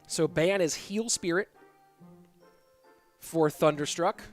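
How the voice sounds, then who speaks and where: A man casting a live esports match with brisk, informative play-by-play. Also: on the high side, soft background music. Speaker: esports caster.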